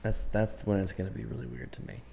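A man's voice: low voice, sing-song, quick pace, creaky, mellow, a little hiss or hum. A man hosting a podcast, chatting casually and thinking aloud with lots of fillers. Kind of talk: casual chat.

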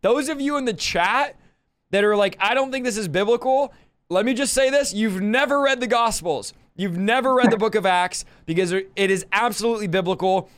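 High-pitched, smooth, and a bit bright, this man's voice moves at a moderate pace as he hosts a podcast. He preaches a fiery monologue in a rowdy, emphatic manner, firing off scripture references in rhythmic lists.

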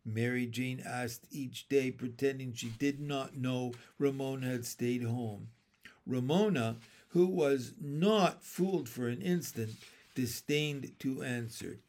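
A man narrating a children's chapter book aloud in a steady, gentle storytelling way. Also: mid-range voice, slow. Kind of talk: audiobook narration.

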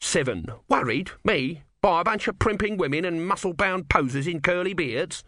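A man's voice: high-pitched, lively intonation, moderate pace, pushed and bright, no echo, clean studio sound, pitched above the performer's own voice. A man voicing a small grumpy male god trapped as a tortoise, heckling in a testy, sarcastic, impatient way. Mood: irritable.

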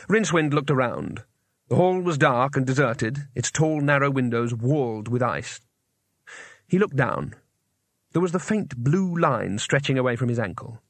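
A man narrating a comic fantasy audiobook in a measured, expressive way. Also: medium pitch, no room sound. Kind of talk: scripted narration.

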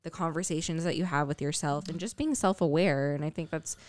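A woman's voice: low voice, fairly quick, dry recording, studio quality. A young woman chatting as a podcast guest, hesitant and full of "like". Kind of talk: casual chat.

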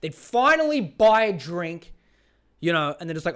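Aussie podcast guy on a swearing rant, fed up, rambling, slightly high voice. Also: big pitch swings, moderate pace, a bit bright. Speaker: podcast host. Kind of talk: casual rant.

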